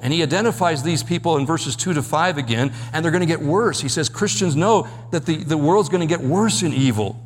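A man's voice: fairly high pitch, long reverb tail. A man preaching an expository sermon as pastor, explaining Bible verses and Greek words step by step.

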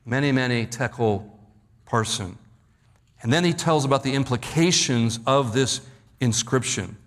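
A man preaching a sermon in an emphatic, measured way, slowing down and dropping his voice on key words. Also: medium pitch, a bit bright. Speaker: pastor. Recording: long hall reverb.

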